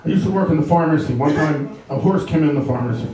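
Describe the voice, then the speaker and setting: Deadpan stand-up comic in echoey club. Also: male voice, fairly high pitch, fast, distant mic, a crowd in the background. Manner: deadpan one-liners with pun punchlines. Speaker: stand-up comedian. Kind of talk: stand-up comedy set. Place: live comedy club with audience. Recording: echoey club room, mic heard from afar.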